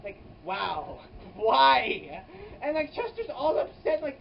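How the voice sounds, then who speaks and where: Improvised comic story, rambling, lots of fillers, exaggerated pitch jumps, camera mic at a distance, faint hum behind. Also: moderate pace, creaky. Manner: rambling, filler-heavy, with frequent "like" and restarts. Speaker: comedy vlogger. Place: hot indoor room with an air conditioner running. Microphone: camera mic at some distance. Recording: distant, dull camera audio with faint air-conditioner hum.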